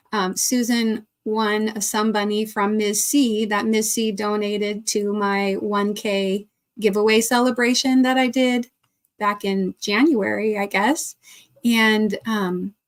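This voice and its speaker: Chatty woman host, fairly high voice, greets viewers by name, laughs easily. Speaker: crochet livestream host. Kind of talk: casual livestream chat reading viewer comments.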